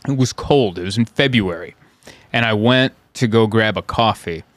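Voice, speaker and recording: A man, a stand-up comedian, telling stories in casual chat and now and then jumping into high voices for the people in them. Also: normal speed, dry recording. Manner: animated, acts out characters in high voices. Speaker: stand-up comedian, podcast host.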